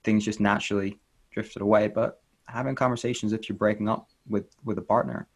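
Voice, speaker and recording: Interview guest, man, coach type, lowish voice, earnest and encouraging. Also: steady tone, a little fast. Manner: earnest, gentle and encouraging, with repetition for emphasis. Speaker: inner child life coach. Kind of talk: interview guest, reflective talk.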